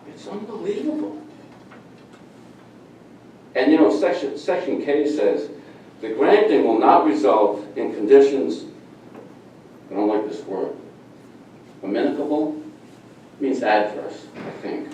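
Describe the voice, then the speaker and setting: A man's voice: medium pitch, expressive, measured pace, long pauses, a little mellow, slight background noise. A middle-aged man speaking during public comment at a town meeting, angry and emphatic, repeating his points. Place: town hall meeting room. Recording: echoey meeting room from far off.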